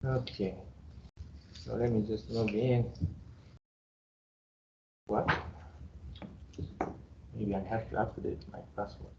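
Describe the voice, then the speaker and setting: A man's voice: lowish voice, fairly even intonation, slow, creaky, pauses often, background noise. A man in his fifties from Japan, with a Japanese accent, giving a classroom lecture as an engineering professor in a blunt, joking way and chuckling between remarks. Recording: roomy, dull classroom recording.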